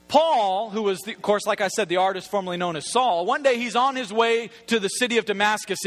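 Very high, bright-voiced male preacher. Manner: casual, humorous, conversational preaching; emphatic, repeated phrasing. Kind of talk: sermon.

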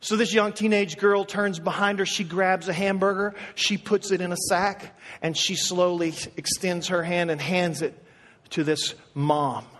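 A male pastor preaching a sermon, telling an animated story with many asides and restarts. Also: sits high, measured pace. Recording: echoey hall with long reverb.

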